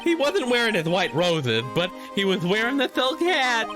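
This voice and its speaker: A man's voice: high voice, big pitch swings, normal speed, over music. A man voicing a glum male circus clown in a video game, telling his story with overly earnest drama. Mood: dramatic.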